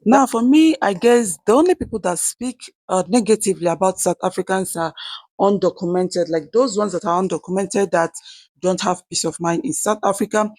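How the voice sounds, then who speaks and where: A channel host giving measured reaction commentary, often checking in with tag questions. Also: mid-range voice, darkish tone, dry recording.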